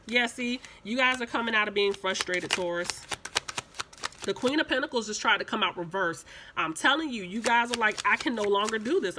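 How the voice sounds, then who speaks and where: A woman reading tarot cards for her viewers in an insistent, chatty way. She repeats points for emphasis. Her tone is bright, with faint noise behind it. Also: medium pitch. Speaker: tarot reader.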